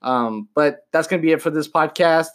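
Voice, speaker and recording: A man's voice: fairly high pitch, normal speed. Laughing, rambling young male podcast host. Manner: laughs often, loose and rambling. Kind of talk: casual podcast chat.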